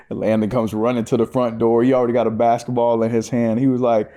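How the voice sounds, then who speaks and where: A man co-hosting a podcast, telling a personal story in a casual, animated way and acting out the voices of people in it. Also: medium pitch, quick pace, hardly any pauses. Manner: animated, acts out quoted voices, laughs often. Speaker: podcast co-host.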